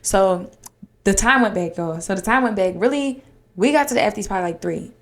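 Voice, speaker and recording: A woman's voice: mid-range voice, lively intonation, a little fast. A young woman hosting her own podcast, talking casually and candidly with lots of "like" fillers and a lilt. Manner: rambling, frequent "like" fillers, candid and emotional. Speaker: podcast host. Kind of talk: casual solo podcast chat.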